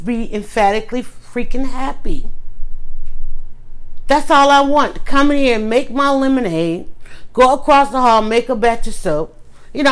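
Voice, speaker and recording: A middle-aged woman blogger talking casually to her audience, emphatic and ranting with rising outbursts. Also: fairly high pitch. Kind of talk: casual monologue vlog.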